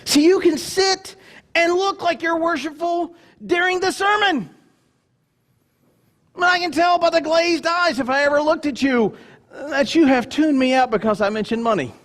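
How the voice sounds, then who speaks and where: Male pastor, high-pitched voice, emphatic sermon delivery, mocks grudging givers in low asides. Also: measured pace. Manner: emphatic preaching with wide swings between loud and hushed; mimics grudging churchgoers in low mocking asides.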